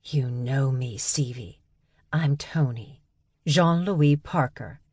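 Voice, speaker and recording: Woman narrator doing a hot-tempered jackal woman, protective and indignant, loud and hard, dry booth. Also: a bass voice, takes it slowly, breathy edge, dry recording, full character voice. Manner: indignant, pointed, rising to shouting.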